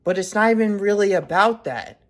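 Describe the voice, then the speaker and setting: A man's voice: high voice, expressive, moderate pace, fairly bright tone. Blunt, swearing young man ranting. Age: 20s. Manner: blunt, heavy swearing, intense. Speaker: motivational vlogger. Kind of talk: profane motivational rant.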